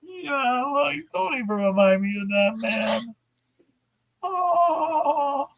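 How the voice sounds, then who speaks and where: A woman chatting casually as a guest in an animated, swooping voice. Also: on the high side, measured pace, gravelly, noisy background. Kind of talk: casual chat.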